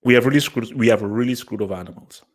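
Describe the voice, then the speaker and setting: Animated rambling man on a livestream. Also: fast talker. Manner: animated and rambling, repeats words, jumps in pitch for emphasis. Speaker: livestream host. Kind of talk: casual livestream chat.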